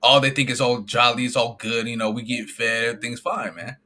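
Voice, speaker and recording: Brief: male co-host with a bright, forceful voice, reads scripture and then riffs in slang. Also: mid-range voice, steady tone, brisk. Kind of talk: casual religious discussion.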